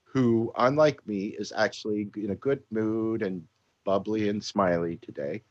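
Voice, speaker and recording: A Canadian man hosts a casual talk show in a low, grumbling voice, tired and dry with a habit of swearing. His voice sits close to the mic in a dry space. The sound is a little dull and lo-fi. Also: unhurried, no echo. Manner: grumpy, dry and profane. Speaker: podcast host. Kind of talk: casual chat.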